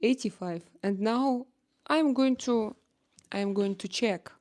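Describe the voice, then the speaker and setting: This middle-aged woman, who has a Russian accent, reads viewer comments aloud while hosting a casual livestream chat. Her voice is slightly high, slow, and a little mellow; she's hesitant, full of filler sounds, and teases in a playful way.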